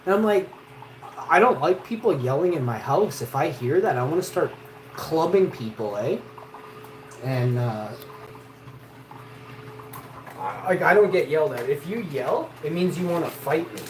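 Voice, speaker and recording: A man telling a rough, profane story in a blunt, casual way as a vlogger. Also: a little high, animated, normal speed, a little hiss or hum. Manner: blunt and profane, peppered with "eh" and "you know". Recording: roomy echo.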